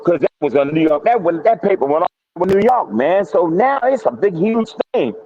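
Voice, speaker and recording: Guy telling his story on a podcast, fired up, stumbles and repeats himself, bit high voice, muffled. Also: lively intonation, brisk, dark tone, no room sound. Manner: emphatic, repetitive, many restarts. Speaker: guest, retired federal marshal. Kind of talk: casual storytelling interview. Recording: dry, slightly dull sound.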